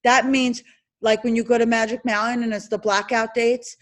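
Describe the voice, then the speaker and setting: A woman teaching an insurance licensing class, drilling terms over and over and firing questions at her students. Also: a little high. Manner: animated, repetitive drilling with quick questions to students. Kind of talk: classroom exam-prep lecture.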